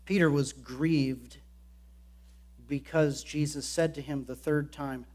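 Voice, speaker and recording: A man's voice: on the high side, fairly even intonation, takes it slowly, a little mellow. A man preaching a sermon in an earnest way, slipping into quoted voices as he explains the passage. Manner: earnest, acts out quoted lines. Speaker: pastor.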